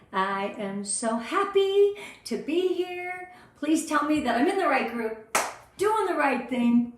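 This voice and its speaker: A woman's voice: high voice, slight background noise. A woman from Southern California leading a live-stream sales training, bubbly and emotional, greeting viewers by name. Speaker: sales team director. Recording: very echoey room.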